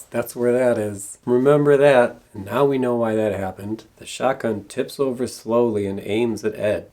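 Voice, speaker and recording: A man's voice: medium pitch, darkish tone. A man recapping a horror film scene by scene in a dry, sarcastic comedic review. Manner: dry, sarcastic plot retelling. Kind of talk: comedic movie recap narration.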